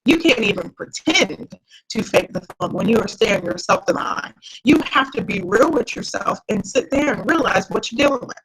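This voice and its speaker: A woman's voice: a little high, a bit bright, breathy edge, poor audio. A woman mindset coach leading a live online workshop, talking directly and encouragingly to her viewers. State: tired, yawning.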